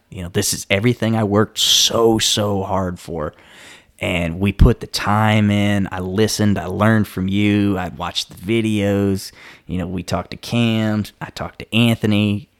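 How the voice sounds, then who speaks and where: A man with a notably low voice tells a story in a relaxed, conversational way. He loops through fillers and restarts and slips into other people's voices as he quotes them. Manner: animated storyteller who acts out quoted dialogue; loose and rambling, many fillers and self-restarts.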